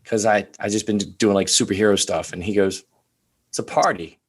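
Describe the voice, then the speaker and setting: A man actor telling a quick set anecdote on a video call, acting out quotes with a laugh. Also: lowish voice, level tone, breathy edge.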